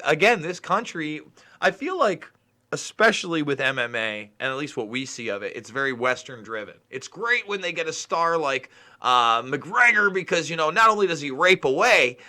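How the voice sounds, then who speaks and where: Lively bright-voiced man, casual podcast host. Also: fairly high pitch. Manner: animated, swears freely, laughs often. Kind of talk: casual sports chat.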